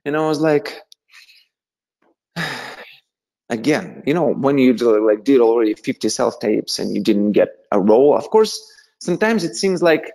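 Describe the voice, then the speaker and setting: A man with a Russian accent, a guest telling animated anecdotes in a casual interview, with frequent fillers and laughter. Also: mid-range voice, moderate pace, gravelly.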